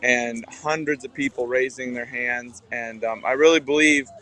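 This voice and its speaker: A man giving a casual, relaxed report from outside an auditorium, with many fillers. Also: medium pitch, moderate pace. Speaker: guest reporting on location. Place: outdoors by an auditorium.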